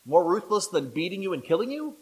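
Animated high-voiced male pastor preaching. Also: a little fast, husky, rough recording. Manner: animated, acts out quoted voices; conversational, asks the audience questions. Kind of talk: sermon.

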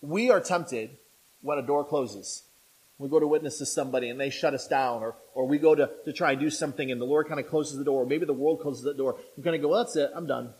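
Animated high-voiced male pastor preaching. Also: fast, husky, low-quality recording. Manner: animated, acts out quoted voices; conversational, asks the audience questions. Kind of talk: sermon.

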